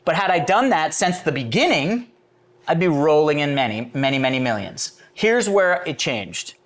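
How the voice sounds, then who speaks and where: Animated, lively-voiced man co-hosting a podcast. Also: on the high side, moderate pace. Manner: animated storyteller who acts out quotes, swears freely. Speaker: podcast co-host. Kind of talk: casual chat.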